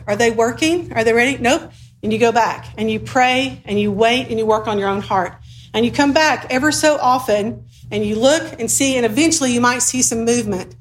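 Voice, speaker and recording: Casting: woman preacher, slightly high voice, chatty and joking, faint hiss behind. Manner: conversational and humorous, acts out dialogue. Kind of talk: sermon.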